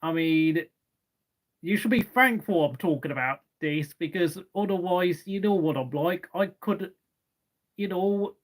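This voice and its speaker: A man's voice: high-pitched, unhurried. Rambling young man hosting a race watchalong. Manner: rambling, filling gaps between race updates. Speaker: watchalong host. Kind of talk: casual live race commentary chat.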